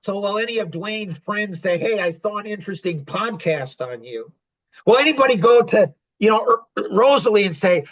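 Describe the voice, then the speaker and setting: Middle aged guy on a podcast, kinda high voice, intense and angry when he gets going. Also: animated, normal speed. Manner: intense, rising to angry outbursts. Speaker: podcast guest sharing his story. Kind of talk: emotional podcast conversation.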